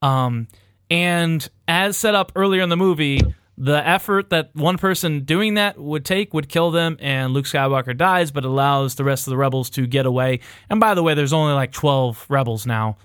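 Guy rambling through a movie plot, swears a lot, smooth clear voice, dry sound. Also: on the high side, normal speed, fairly bright tone, no room sound. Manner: rambling, irreverent, laughs often. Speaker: podcast host recapping a film. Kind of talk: casual profane chat.

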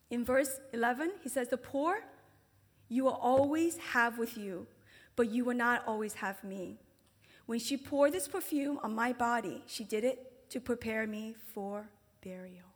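A woman with a high voice preaches in a casual, conversational way. She acts out the voices of the people in her story and sometimes drops to a whisper for emphasis. Her voice carries a long reverb from a large hall. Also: husky. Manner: conversational, acts out quoted voices with big pitch jumps. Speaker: speaker at a ministry gathering. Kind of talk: sermon.

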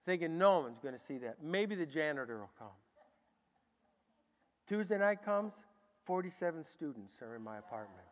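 A man preaching a sermon, telling his story in a lively way and acting out the dialogue. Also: fairly high pitch, moderate pace, pauses often. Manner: animated, acts out dialogue in a lively way. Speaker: preacher giving a testimony. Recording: echoey large hall.

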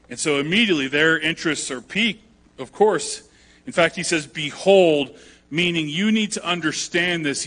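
Male pastor, sermon delivery, bright tone, slightly high voice, chatty and emphatic. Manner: conversational, emphatic preaching with acted-out quotes.

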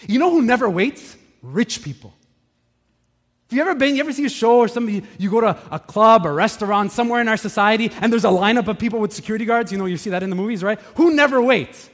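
A man preaching a sermon as a pastor, telling stories with big swings from shouting to hushed. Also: very high voice, expressive, fast talker. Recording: long reverb of a large hall.

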